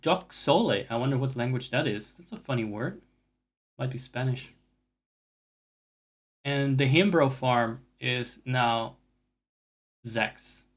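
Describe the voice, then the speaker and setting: A man's voice: medium pitch, takes it slowly, long pauses. Male streamer, casual live gaming commentary, crude self-mocking humor. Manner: profane, joking, self-mocking.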